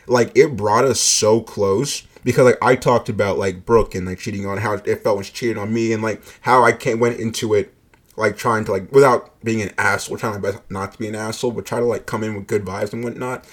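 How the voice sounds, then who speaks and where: A man's voice: on the low side, steady tone, a little fast. A man casually telling a personal story, swearing freely, leaning on "like" and laughing along as he goes. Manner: laid-back, profane, heavy use of "like", laughs often.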